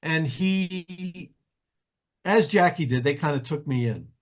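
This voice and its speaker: Animated older man telling a story. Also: a little high, takes it slowly. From New Jersey, US. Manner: animated anecdotes, acts out quoted voices, frequent restarts. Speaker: interview guest, jazz pianist. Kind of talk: casual storytelling.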